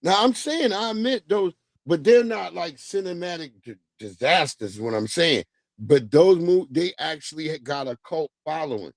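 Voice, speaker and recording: A man's voice: on the high side, expressive, normal speed, gravelly, dry recording. A man hosting a livestream, chatting casually with viewers in a rambling, profane way and drifting off on tangents. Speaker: livestream host.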